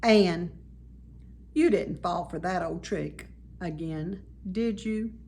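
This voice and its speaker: A woman voicing a tired mother who speaks in a low, calm voice, worn out by her children's fighting. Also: slow, gravelly, slight background noise. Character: weary mother, worn out by quarreling.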